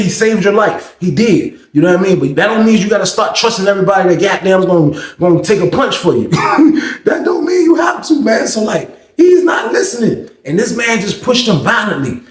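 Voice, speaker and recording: Storyteller host, man, fairly high voice, in an echoey room. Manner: animated, profane, acts out quotes. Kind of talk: casual storytelling.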